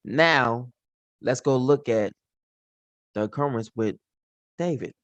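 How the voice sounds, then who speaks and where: A man's voice: medium pitch, slow, no echo, highs cut off. A man teaching from the Bible in an informal, slangy way, acting out the characters' lines as he retells the stories.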